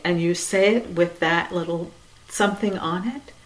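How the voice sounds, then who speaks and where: A woman giving a reflective spiritual talk in a conversational way, with many "you know"s, soft laughs, and quiet trailing phrases. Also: on the low side, fairly even intonation, moderate pace, rough recording. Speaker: dharma talk speaker.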